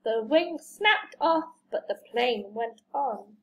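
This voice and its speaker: Slow, lively woman reading a storybook. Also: a little high, muffled recording. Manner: slow, expressive reading with lively character voices. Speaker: reader. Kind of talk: storybook read-aloud.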